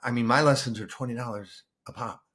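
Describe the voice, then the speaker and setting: Guy cohosting a chatty podcast, goes on and on, lots of restarts, average pitch. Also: fast talker. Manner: animated, explains at length with many restarts. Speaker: podcast co-host. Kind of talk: casual chat.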